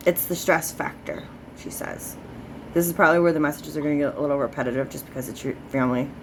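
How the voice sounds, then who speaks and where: A woman's voice: sits low, quick pace, noisy background. A woman doing a spirit reading as a psychic medium, chatty, full of filler words and swearing freely.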